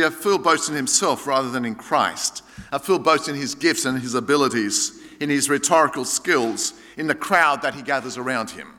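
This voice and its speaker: A man, a pastor preaching a sermon with animated emphasis that rises high and drops low. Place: church hall. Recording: long hall reverb.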